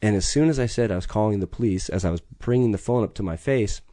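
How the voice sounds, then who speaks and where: Deep intense swearing man, dark voice. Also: quick pace, no echo, studio quality. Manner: intense, profane, urgent storytelling. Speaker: podcast guest. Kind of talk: storytelling in conversation.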